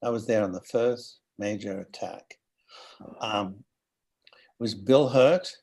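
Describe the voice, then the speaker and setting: Older aussie guy with a husky voice telling stories in an interview, acts out the other people's voices. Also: fairly low pitch, takes it slowly. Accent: Australian. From Australia. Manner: animated storyteller who acts out quoted voices. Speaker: guest actor. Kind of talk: anecdotal interview storytelling.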